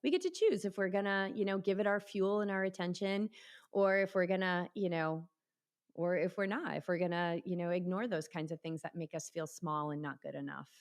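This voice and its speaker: A middle-aged woman talking casually as an interview guest, animated and acting out quoted voices, speaking as a yoga teacher and triathlete. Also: on the low side, a little fast.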